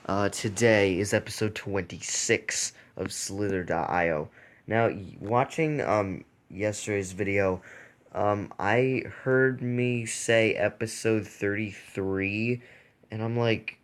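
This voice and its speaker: A man's voice: fairly low pitch, slow. A young man hosting a mobile gaming channel, rambling in casual gameplay commentary with lots of fillers and restarts.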